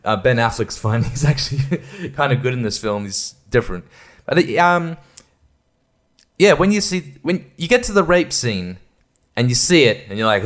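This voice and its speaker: A man's voice: medium pitch, very animated, a little slow, a bit bright. A man hosting a podcast, ranting casually and profanely in an exasperated way. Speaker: podcast host.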